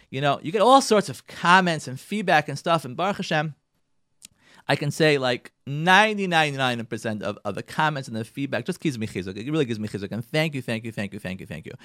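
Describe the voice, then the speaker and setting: A man's voice: a little high, fairly bright tone, dry recording, clean studio sound. A man hosting a radio talk segment, giving marriage advice in an impassioned, repetitive way with Hebrew and Yiddish terms mixed in. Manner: emphatic, repeats phrases, sprinkles Hebrew and Yiddish terms. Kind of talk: impassioned monologue.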